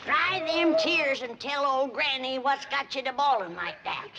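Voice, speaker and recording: Sitcom: a fussing hillbilly grandma, rural Southern twang, high and lively, heavy hiss. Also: female voice, a little slow. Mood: folksy. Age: older. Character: feisty old hillbilly granny, bossy and kindly. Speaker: family grandmother. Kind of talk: 1960s sitcom acting. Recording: hissy 1960s TV soundtrack.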